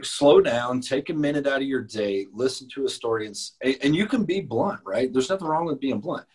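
A man's voice: medium pitch, expressive, fairly quick, hardly any pauses, a little mellow, breathy edge, low-quality recording. A man on a podcast giving frank, emphatic advice on handling difficult personalities, with some mild profanity. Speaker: podcast host. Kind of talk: casual advice talk.

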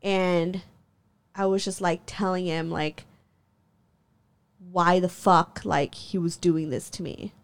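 A woman's voice: steady tone, slow, pauses often, smooth. Young woman host spilling a story, fiery, sweary, lots of fillers and laughs. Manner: heated, profane, frequent laughs, many "like" fillers; jumps in pitch when worked up. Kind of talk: casual chat.

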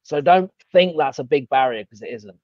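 A man's voice: a little high, lively intonation, normal speed, darkish tone, no echo, dull audio. A man with an English accent, co-hosting a real estate livestream in a casual, agreeable way. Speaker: co-host coach. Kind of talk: livestream chat.

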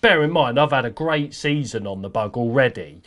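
A man recounting a story on a podcast in a loose, rambling way. He drops slang and mild swearing as he goes. He is quick to make fun of himself. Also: mid-range voice, lively intonation, a bit bright. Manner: rambling, swears mildly, slangy, self-mocking. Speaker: podcast guest angler. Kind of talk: casual storytelling.

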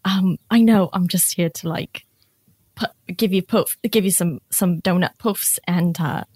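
A woman's voice: fairly low pitch, a little slow, a little mellow, breathy edge, dry recording. A woman playing a nervous young helper who stammers with ums and eagerly offers to take over the lead role. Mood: hesitant. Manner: hesitant, full of ums, flustered.

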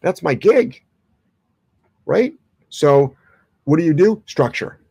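A man's voice: on the high side, sing-song, takes it slowly, gravelly, dark tone, breathy edge, dry recording. A man who trains dogs for a living, answering viewer questions in a blunt, opinionated way, swearing now and then. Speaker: dog trainer.

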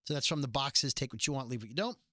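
A man's voice: mid-range voice, quick pace, pushed and bright, no echo, studio quality. A man casually recapping a TV episode as a podcast host, chatty and joking, with rambling asides. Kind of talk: casual chat.

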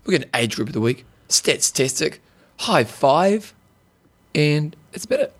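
A man's voice: on the high side, sing-song, measured pace. A man co-hosting a podcast, chatty and teasing, laughing often. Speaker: podcast co-host. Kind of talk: casual chat.

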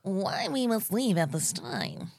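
A woman voicing a solemn male cult leader, reading his statement in a slow, drawn-out, lofty way. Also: medium pitch, huge pitch swings, a little mellow, heavily acted.

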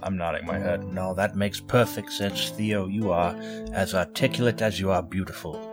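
Low-voiced man role-playing a polite character. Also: steady tone, normal speed, music in the background. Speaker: player. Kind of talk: in-character tabletop role-play.

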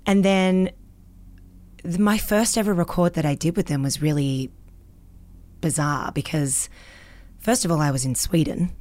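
A woman with an Australian accent, a voice actor telling lively stories as an interview guest. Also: low-pitched, measured pace, long pauses. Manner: animated storyteller, acts out quotes. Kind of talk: casual interview chat. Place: small home recording closet.

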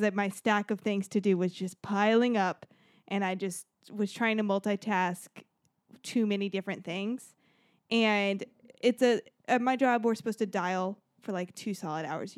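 A woman with a medium-pitched voice, recorded in studio quality with no room sound, co-hosts a podcast. She tells a story casually and chattily, full of fillers, frequent "like," and laughs.

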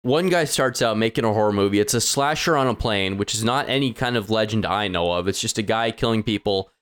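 A man's voice: on the low side, fairly quick, fairly bright tone, clear, resonant tone. Sarcastic man on a podcast. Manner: sarcastic, mocking. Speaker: podcast co-host. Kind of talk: casual podcast chat.

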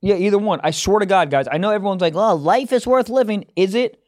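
A man's voice: high-pitched, quick pace, a little mellow. A young man co-hosting a comedy podcast, blunt and profane, riffing in casual chat.

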